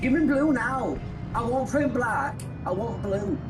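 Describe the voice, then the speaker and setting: A man voicing a demanding, touchy household printer that complains loudly. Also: very high-pitched, animated, unhurried, over music, pitched above the performer's own voice. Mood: indignant. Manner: indignant, loud complaining.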